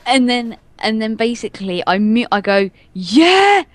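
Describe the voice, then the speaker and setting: A young man telling a story on a gaming podcast, acting out quotes with loud yelps and laughs. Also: high-pitched, steady tone, normal speed, clear, resonant tone, no echo. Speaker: podcast co-host. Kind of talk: casual storytelling chat.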